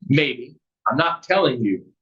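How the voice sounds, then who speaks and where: A man's voice: medium pitch, animated, a little slow, a bit bright, reverberant, pitched above the performer's own voice. A man voicing his wife with dementia as a confused, agitated, accusing woman. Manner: accusing, snarky. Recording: distant, muffled recording.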